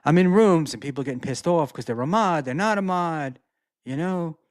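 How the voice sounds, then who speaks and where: A man's voice: on the high side, normal speed, no echo, clean studio sound. A man hosting a casual solo livestream, reading out chat messages and reacting in a rambling, profane way with lots of fillers.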